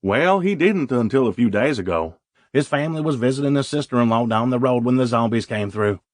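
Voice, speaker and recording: Man narrator putting on a deeper, plain-spoken older dad for an audiobook, dry close sound. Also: expressive, brisk, no room sound, natural voice. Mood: matter-of-fact. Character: gruff older survivalist father, matter-of-fact.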